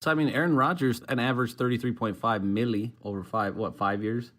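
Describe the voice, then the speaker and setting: A man's voice: mid-range voice, steady tone, a little fast, fairly bright tone. Rambling man cohosting a sports podcast. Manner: rambling, self-interrupting, laughs along. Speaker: podcast co-host. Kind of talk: casual sports chat.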